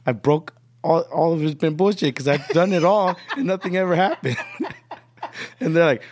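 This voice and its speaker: A man's voice: a little high, animated, moderate pace. A man telling a story in casual podcast chat, swearing a lot, laughing and acting out his relatives' lines. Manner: profane, laughing, acts out relatives in quotes. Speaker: podcast guest.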